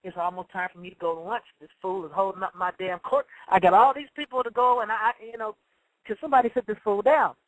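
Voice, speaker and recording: A woman plays a scornful judge who is sick of a case and mutters to get it thrown out. The voice is quiet and dismissive and comes through a dry, close recording with no room sound. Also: medium pitch, steady tone, quick pace, dry recording, natural voice, low-quality recording. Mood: annoyed. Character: impatient, dismissive judge eager to end court.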